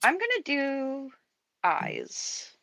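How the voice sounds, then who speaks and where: Lively woman hosting a chat. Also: high voice, vocal fry, no echo, poor audio. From Western Canada. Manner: chatty, playful, quick to riff. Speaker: stream host. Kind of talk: casual chat while painting.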